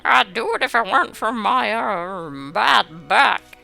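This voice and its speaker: A woman's voice: a little high, expressive, takes it slowly, gravelly, bright, forceful tone, faint music behind, voice pushed up, exaggerated voice. A woman voicing a lazy older farmer with a bad back, in an odd put-on accent during gameplay commentary. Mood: lazy excuses.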